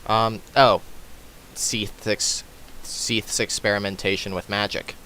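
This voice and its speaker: A man casually commentating his own gameplay, thinking aloud and halting with frequent ums. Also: fairly low pitch, flat delivery, bright, forceful tone, a little hiss or hum. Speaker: let's play host playing the game.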